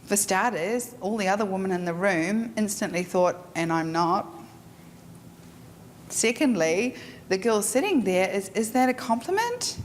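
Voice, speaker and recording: A woman teaching a live photography workshop, frank and animated, acting out her clients. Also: mid-range voice, unhurried. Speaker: photography instructor. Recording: echoey room with faint noise.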